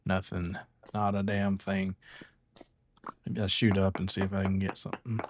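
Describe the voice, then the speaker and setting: A man's voice: low voice, completely flat delivery, normal speed. A man streaming a game, chatting casually with laid-back, mumbled asides. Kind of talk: casual chat while gaming. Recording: hissy stream audio with clicks.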